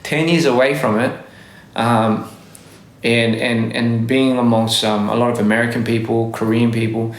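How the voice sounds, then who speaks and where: A man with a faded Australian accent rambles through a casual live-stream chat, restarting sentences and laughing as he goes. His voice sits at an ordinary pitch. The phone mic picks up a noticeably echoey room. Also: little pitch movement, normal speed. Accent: Australian English, softened by years abroad. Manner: rambling, self-correcting, frequent laughs. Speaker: livestreamer.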